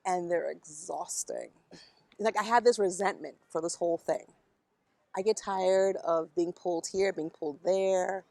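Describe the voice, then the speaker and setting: A woman's voice: on the low side, steady tone, unhurried, vocal fry, a little mellow, no room sound. Frank middle-aged woman, dry close sound. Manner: frank, emotional, blunt with swearing. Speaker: interviewee. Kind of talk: candid conversation. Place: outdoors in a park.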